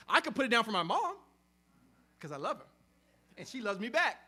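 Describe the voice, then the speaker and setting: A man delivers a sermon as pastor in a very high, bright, sharp voice. He preaches emphatically, swinging between loud stressed words and near-hushed drops. He often repeats himself and restarts phrases mid-thought. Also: very animated, fairly quick, pauses often, husky.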